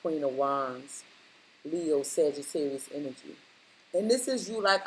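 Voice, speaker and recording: A tarot reader speaks straight to the viewer, reading cards in a casual, blunt style full of slang and repeating lines to stress her points. Her medium-pitched voice is animated and a little slow. The audio quality is poor.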